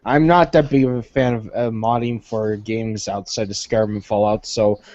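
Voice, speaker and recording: A man's voice: on the low side, steady tone, normal speed, a little mellow, muffled recording. A man co-hosting a casual gaming podcast, hesitant and hedging his opinions. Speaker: podcast co-host.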